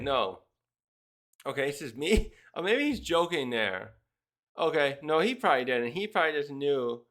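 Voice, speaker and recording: A man's voice: a little high, fairly bright tone. A man giving a casual spoken review of a manga chapter, rambling and briefly acting out the characters' lines. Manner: rambling, acts out character lines in quick put-on voices.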